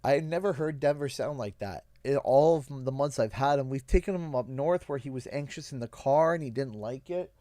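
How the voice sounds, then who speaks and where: Young canadian guy on stream, choked up and halting, dry close mic. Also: medium pitch, dark tone, no room sound. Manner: halting, emotional, pausing often. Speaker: livestream host. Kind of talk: emotional storytelling on a game stream.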